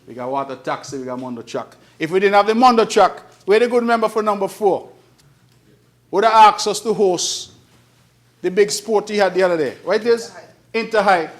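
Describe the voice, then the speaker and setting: A man's voice: high voice, moderate pace. A man with a Kittitian-Nevisian accent giving a parliamentary speech, emphatic and repetitive, rising and falling as he drives points home. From Saint Kitts and Nevis. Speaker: politician addressing parliament. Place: parliament chamber.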